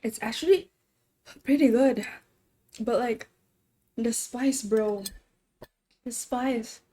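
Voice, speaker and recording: Woman streamer, slow and mellow, casual live-stream chat, groaning through a spicy eating challenge. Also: fairly high pitch. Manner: chatty, groaning and laughing while eating spicy food. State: sniffling from spicy food.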